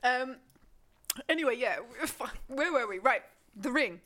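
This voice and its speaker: A woman's voice: high-pitched, lively intonation, a bit bright. An English woman hosting a film podcast in a casual, rambling chat, laughing often. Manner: giggly, rambling, quick to laugh. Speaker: podcast host.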